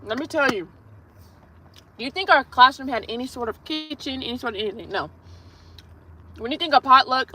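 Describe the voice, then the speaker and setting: A woman's voice: a little high, fairly bright tone, poor audio. A woman hosting a nail livestream, chatting through a blunt, profane story in a casual storytelling way. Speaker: nail artist livestream host. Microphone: streaming setup while doing her nails.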